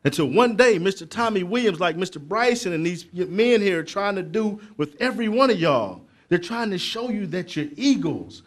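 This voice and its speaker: A middle-aged man, giving a motivational speech to young people at a conference, preacherly and building to loud emphatic peaks with asides to the crowd. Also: high voice, big pitch swings, moderate pace, hardly any pauses. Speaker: motivational speaker. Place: conference hall.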